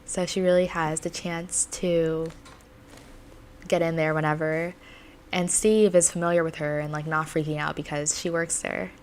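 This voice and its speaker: A woman's voice: low voice, level tone, normal speed, a little mellow, slight background noise. A woman co-hosting a podcast, chatting casually with fillers and frequent laughs as she reads through scripts. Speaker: podcast co-host.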